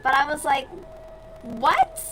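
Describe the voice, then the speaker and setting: A woman's voice: fairly high pitch, measured pace, fairly bright tone, a little hiss or hum, low-quality recording. A young woman from the US South chatting casually and bluntly with her stream viewers while she crochets, with plenty of swearing.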